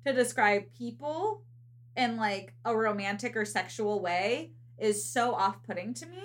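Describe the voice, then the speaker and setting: A woman's voice: fairly high pitch, a little slow. A young woman co-hosting a podcast, chatting casually and animatedly about a book and acting out the characters' lines. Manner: chatty, animated retelling with quoted voices. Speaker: podcast co-host. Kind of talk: casual book discussion chat.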